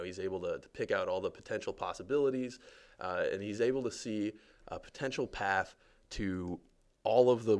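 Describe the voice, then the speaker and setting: Low, gravelly-voiced man narrating a game tour. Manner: relaxed, chatty, lots of fillers and jokes. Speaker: game developer guiding a livestream tour. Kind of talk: casual livestream commentary.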